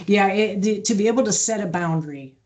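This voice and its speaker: A middle-aged woman speaking as an interview guest, telling stories in a calm, measured way with frequent restarts. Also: medium pitch. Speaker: podcast guest, aviation maintenance leader. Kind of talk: conversational interview.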